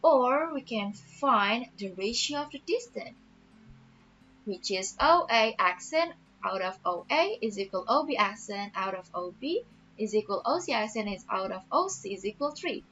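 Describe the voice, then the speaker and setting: A woman teacher explaining a math lesson patiently, repeating each step slowly. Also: medium pitch, lively intonation, a bit bright, a little hiss or hum. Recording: dull lo-fi audio with faint music.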